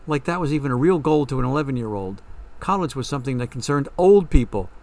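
A man's voice: mid-range voice, lively intonation, fast talker, gravelly, a little mellow. A man reading a story, voicing a troubled young woman who doubts she deserves love, in a hesitant, questioning way.

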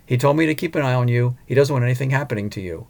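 Steady, polite chauffeur, read by a man, middle-pitched and calm. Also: rapid-fire, gravelly, natural voice. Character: calm loyal male chauffeur.

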